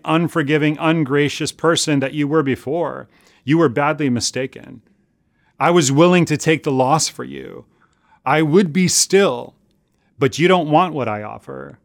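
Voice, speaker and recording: A man voicing a stern, disappointed male company boss passing judgment, quiet and grave, within a sermon. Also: fairly high pitch, gravelly, no echo, studio quality.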